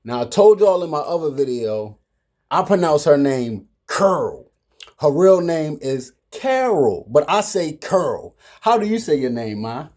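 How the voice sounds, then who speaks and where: Playful Baltimore man, lively high voice. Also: moderate pace. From Baltimore, Maryland. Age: 40s. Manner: playful, teasing, laughs often. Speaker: vlogger. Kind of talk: casual family vlog chat.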